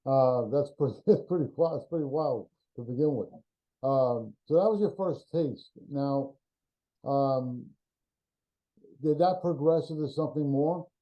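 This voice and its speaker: A man's voice: medium pitch, unhurried. Male interviewer, hesitant, fillers, dull lo-fi recording. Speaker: podcast host. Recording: dull lo-fi audio.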